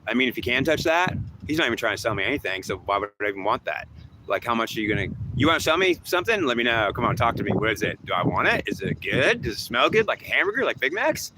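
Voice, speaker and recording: A man's voice: medium pitch, very animated, fast talker. Rambling man over traffic noise. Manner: rambling, repetitive, with frequent restarts. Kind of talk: rambling monologue.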